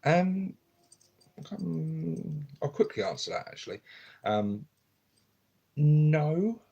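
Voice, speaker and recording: A man chatting quietly and casually on a live stream at home, filmed on his phone, rambling with lots of ums. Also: a little high, big pitch swings, slow, gravelly, breathy edge, lo-fi sound. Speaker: hobby streamer. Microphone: phone camera.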